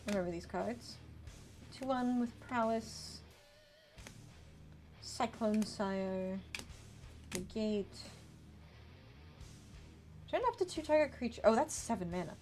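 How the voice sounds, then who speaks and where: A woman's voice: mid-range voice, expressive, slow pace, long pauses, darkish tone. A woman in her twenties chatting casually on a livestream, reading card text aloud and answering her chat. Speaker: streamer. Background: faint background music.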